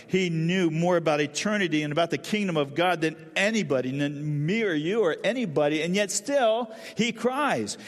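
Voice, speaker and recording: A man preaching a sermon with feeling, dropping to a soft low voice at solemn moments. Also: long reverb tail. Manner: emotional, drops to soft low voice at solemn lines. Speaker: pastor.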